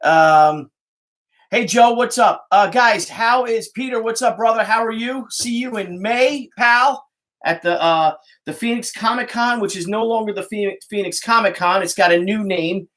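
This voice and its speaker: A middle-aged man with a New York Italian-American accent and a slightly higher voice for a man. He rambles through a casual livestream from his phone, swearing freely and calling out hellos to viewers by name. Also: normal speed, fairly bright tone. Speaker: comic artist hosting a livestream. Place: indoors, home studio with art supplies.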